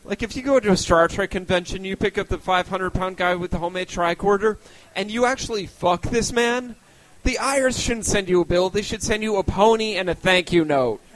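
A young man with a notably high voice performs stand-up, poking fun at himself. He rambles, restarts his sentences and fills the gaps with little hesitations. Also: a little fast, a bit bright, low-quality recording. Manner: self-deprecating, rambling with restarts. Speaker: stand-up comedian. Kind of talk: stand-up set.

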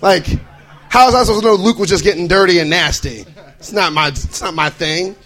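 A man's voice: sits high, brisk, a bit bright, rough recording. A young adult man from Idaho performing a stand-up comedy set, bouncing into exaggerated character voices. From Boise, Idaho.

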